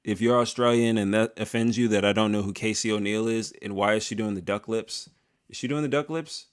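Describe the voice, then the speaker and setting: A man's voice: lowish voice, fairly even intonation, brisk, smooth. Joking, rambling male MMA host. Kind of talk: casual commentary.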